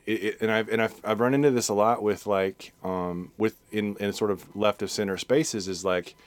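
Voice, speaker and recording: A man co-hosting a podcast in casual conversation, talking in halting bursts with many restarts and fillers. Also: fairly low pitch, steady tone, dry recording. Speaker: podcast co-host.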